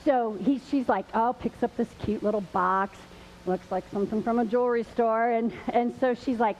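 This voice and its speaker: A woman's voice: on the high side, fairly quick, darkish tone. A woman hosting a live church show, chatty and laughing, a little nervous as she tells a story. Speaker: host. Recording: dull lo-fi with faint hiss.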